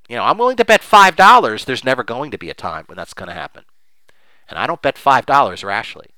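A man talks through his argument in unscripted commentary, his pitch swinging widely as he acts out the views he mocks. His voice is bright and forward, and the recording is dry with no room sound. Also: dry recording. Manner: animated, mocks opposing views in quoted voices, many fillers. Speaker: investing commentator.

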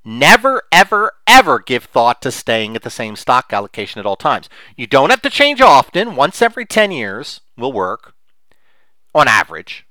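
A man's voice: mid-range voice, wildly swooping pitch, moderate pace, pushed and bright, dry recording. A man hosting a solo podcast, talking in a rambling, digressive way with chuckling asides. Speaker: podcast host.

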